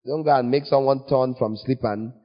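A man preaching a sermon in a playful, teasing way, with sudden jumps in pitch. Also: fairly even intonation, normal speed. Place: church. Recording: long church reverb, dull lo-fi sound.

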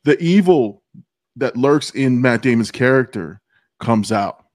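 A man's voice: mid-range voice, expressive, unhurried, no room sound, clean studio sound. A man co-hosting a podcast, chatting casually about a movie, often restarting his sentences and swearing. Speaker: podcast co-host.

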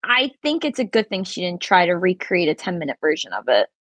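A woman co-hosting a podcast, gushing and rambling with lots of "like"s. Her pitch moves up and down a great deal. She sounds close and dry, with no echo. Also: very animated, brisk, a bit bright. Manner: enthusiastic, rambling with many "like"s. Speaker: podcast co-host. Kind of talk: casual chat.

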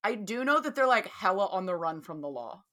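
A woman's voice: medium pitch, very animated, fairly quick, sharp tone. A woman with a Southern accent, co-hosting a podcast in rambling, chatty conversation. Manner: rambling, chatty, laughs easily. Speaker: podcast co-host. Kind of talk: casual chat.

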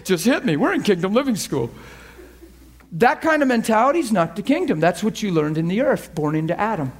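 A man's voice: high voice, sing-song, fairly quick, breathy edge. A male preacher giving a sermon, often repeating words and checking in with his listeners.

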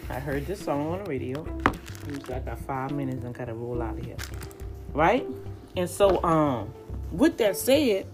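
A lower-pitched woman shares her faith in a casual, animated testimony, talking straight to her viewers. Music plays clearly behind her voice the whole time. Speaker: vlogger sharing a testimony.

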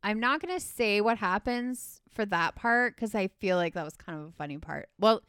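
A woman's voice: medium pitch, animated, normal speed, a bit bright, clear, resonant tone, no room sound, studio quality. A woman recapping a movie in casual chat, rambling and full of filler words.

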